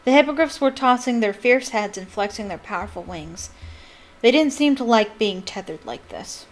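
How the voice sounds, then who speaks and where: A woman's voice: fairly high pitch, lively intonation, normal speed, low-quality recording. A woman who reads a novel aloud as a fan, with enthusiastic, chatty asides. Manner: enthusiastic, laughs at her own asides.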